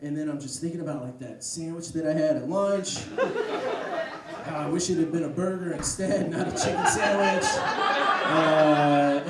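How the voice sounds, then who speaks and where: A man doing a stand-up comedy set, telling a rambling story with deadpan asides. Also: on the high side, normal speed. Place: comedy club stage. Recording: echoey room, distant mic, noise. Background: audience laughter.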